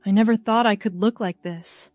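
Woman doing a shy young man, hushed and hesitant, dry sound, faint music behind. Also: mid-range voice, steady tone, normal speed, no room sound, close to an everyday voice. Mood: awed. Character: shy, nervous young man, grateful boyfriend.

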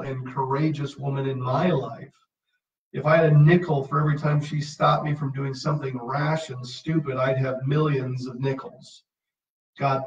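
Earnest man preaching in an echoey room. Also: fairly high pitch. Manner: earnest, emphatic, repeats key phrases. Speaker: pastor. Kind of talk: verse-by-verse Bible teaching. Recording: echoey, distant, dull sound.

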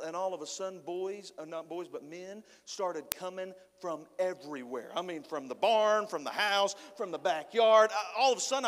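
A man preaching a sermon, telling a folksy story in an animated way, with frequent repeats and restarts. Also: high voice. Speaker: pastor. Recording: long church hall reverb.

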